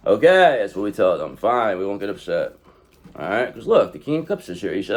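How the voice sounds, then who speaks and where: A man's voice: on the low side, very animated, a little fast. Blunt, swearing man reading tarot. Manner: blunt, profane, rambling; emphatic, talks straight to the viewer. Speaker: tarot reader. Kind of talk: casual tarot card reading.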